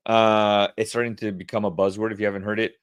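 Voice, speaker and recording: Casual coaching man, low dry voice. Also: little pitch movement, fast, smooth, dry recording. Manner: conversational, coaching tone with frequent fillers. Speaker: webclass host answering questions. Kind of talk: casual Q&A monologue on wellbeing.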